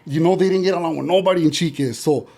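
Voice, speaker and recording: A man's voice: a little high, fast talker, gravelly, a little mellow. A middle-aged man telling stories as a podcast guest, loose and casual, full of slang and "you know" fillers. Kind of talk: casual interview storytelling.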